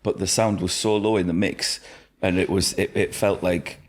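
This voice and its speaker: Low-voiced man in casual chat. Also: steady tone, moderate pace, breathy edge. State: partly deaf, recovering from illness. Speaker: podcast co-host. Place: indoor room with co-hosts.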